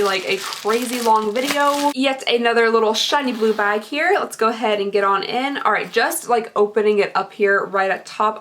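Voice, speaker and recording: Young woman with a Kentucky accent, bright, fairly high voice, rambling and bubbly, chatty beauty vlogger. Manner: chatty, bubbly, rambling, frequent "like" and "okie dokie". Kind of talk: casual unboxing chat.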